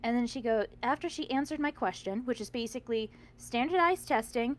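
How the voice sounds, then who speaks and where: A woman in her twenties telling an animated story in casual chat, swearing freely. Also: on the high side, fairly quick, few pauses. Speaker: regular player on a tabletop game stream.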